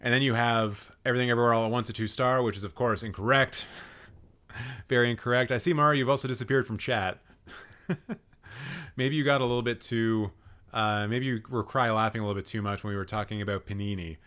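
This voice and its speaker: A man's voice: medium pitch, steady tone, fairly quick, fairly bright tone. A young man hosting a live stream, roasting a viewer's film ratings with exasperated, sarcastic commentary and plenty of swearing. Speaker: livestream host.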